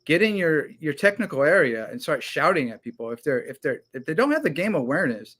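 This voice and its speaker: Male co-host, tactics talker, lively and blunt, a bit high. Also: a little fast, hardly any pauses. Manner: animated, breaks down tactics and swears. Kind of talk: casual sports talk.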